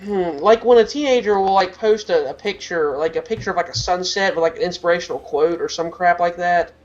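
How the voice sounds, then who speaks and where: A man's voice: high voice, brisk, dull audio. A teenage boy co-hosting a podcast, talking in a rambling casual rant full of "like" fillers. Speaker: podcast co-host.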